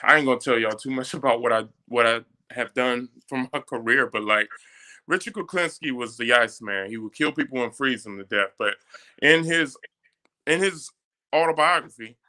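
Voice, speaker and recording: A man's voice: medium pitch, sharp tone. A man in a casual group discussion, telling a story emphatically and turning it into a moral point.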